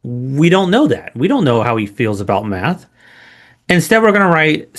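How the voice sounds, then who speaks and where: A man's voice: mid-range voice, sing-song, normal speed. A man instructing a training lesson in a conversational way, often checking in with "right?". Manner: conversational, frequent rhetorical "right?" tags.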